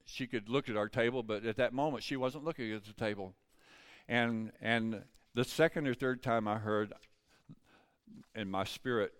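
An older male pastor tells a story from the pulpit in a folksy, conversational way. His voice is smooth and resonant, sitting at an ordinary middle pitch for a man. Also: moderate pace, a bit bright. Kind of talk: storytelling sermon.

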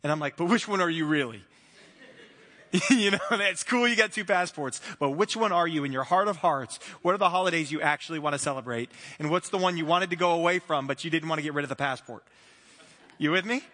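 Preacher, male: high, bright, earnest, long hall reverb. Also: fast talker. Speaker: pastor. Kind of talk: sermon. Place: church hall.

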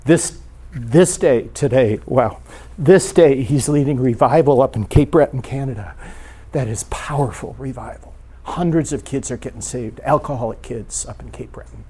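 Guy preaching, tells stories, acts out the prayers, goes real quiet at times. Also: medium pitch, normal speed, husky. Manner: animated storyteller, acts out prayers, drops to a hush. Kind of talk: sermon with storytelling.

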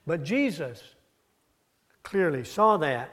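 A man's voice: sing-song, takes it slowly. A man preaching a sermon, retelling scripture stories with his voice rising and falling for emphasis. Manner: storytelling, rises and drops in pitch and loudness. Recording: audio-only church recording.

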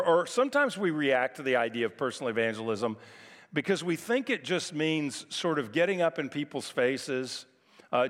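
A male pastor with a mid-range voice delivers a sermon in a relaxed, conversational way. He turns to humorous storytelling in a church sanctuary, and the sound rings with long hall reverb. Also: mid-range voice.

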